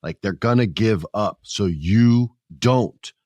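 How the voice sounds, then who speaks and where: A man hosting a casual wrestling podcast, joking and animated, sometimes mimicking people in his stories. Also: fairly low pitch, takes it slowly, no room sound. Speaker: podcast host.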